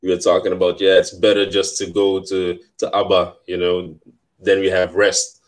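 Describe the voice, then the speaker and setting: Deep-voiced man reading scripture. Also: monotone, normal speed. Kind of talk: casual chat and reading scripture aloud.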